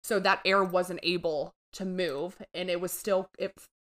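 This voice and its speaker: With a lowish, steady voice and a fairly bright tone, a woman co-hosts a podcast at a moderate pace. The conversation is casual and chatty, full of fillers and frequent laughter.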